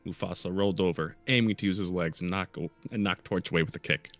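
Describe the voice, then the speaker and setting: A man, a guest reader, reading a fan roleplay aloud in a steady way. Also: low voice, fast talker. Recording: faint music behind.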